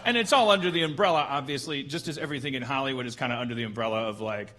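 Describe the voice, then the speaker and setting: A man in his forties hosting a comedy podcast, riffing in halting, rambling chat full of restarts. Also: medium pitch, sharp tone. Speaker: podcast host.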